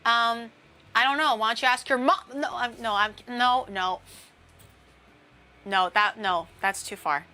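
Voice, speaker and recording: A young woman livestreams from her kitchen in a bright, forceful voice set a little high. She chats loosely and rambles from one playful tangent to the next, leaning on fillers as she bakes. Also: a little slow, long pauses. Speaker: VTuber streamer. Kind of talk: casual livestream chat while baking.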